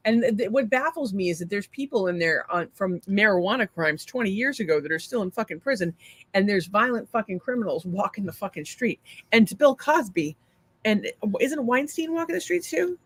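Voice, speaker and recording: A woman's voice: mid-range voice, animated, brisk, breathy edge. A woman co-hosting a casual live stream, talking bluntly and swearing freely. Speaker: co-host.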